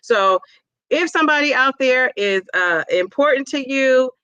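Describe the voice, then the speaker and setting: A woman who is a teacher and a weight-loss vlogger, chatting casually and encouragingly with her viewers. She sounds upbeat and positive, and talks in quick bursts with restarts. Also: high-pitched, expressive, sharp tone, smooth, no room sound, muffled recording.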